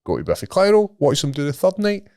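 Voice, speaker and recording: A Scottish man in his thirties, co-hosting a podcast and telling a sweary, animated story in casual chat. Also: fairly high pitch, fast, no echo, studio quality. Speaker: podcast co-host.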